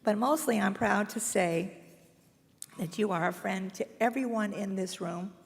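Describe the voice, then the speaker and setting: A woman's voice: medium pitch, unhurried, vocal fry. A woman giving an emotional, chatty tribute speech and presenting an award at a hotel ballroom ceremony. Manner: warm, emotional, chatty storytelling. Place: hotel ballroom event, live stream. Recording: long hall reverb.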